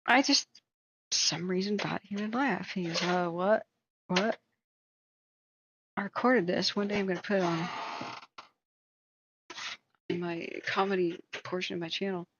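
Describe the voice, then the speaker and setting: Woman streamer, casual storyteller, rambles and mocks herself; middling pitch, slightly muffled audio. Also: moderate pace, long pauses, noisy background. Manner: rambling, self-deprecating, many fillers. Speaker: live stream host.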